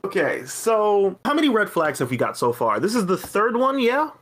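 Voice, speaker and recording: Animated high-voiced young man telling a story. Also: normal speed. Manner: animated, acts out quoted people with jumps in pitch. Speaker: podcast storyteller. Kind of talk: casual storytelling chat.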